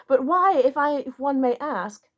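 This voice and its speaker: This is an irritated, stiffly formal Englishman who snaps back, as a woman voices him. His voice rises high and loud above the narration. It plays as a figure in an audiobook. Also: lively intonation, measured pace. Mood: indignant. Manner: sharp, stiff and high-strung. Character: resentful, stiff Englishman, adult.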